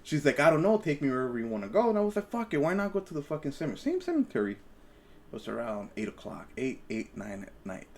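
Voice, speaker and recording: A man's voice: fairly high pitch, wildly swooping pitch, fast talker. A young man hosting a podcast, telling stories in casual chat, profane and rambling with lots of stammered restarts. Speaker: podcast host.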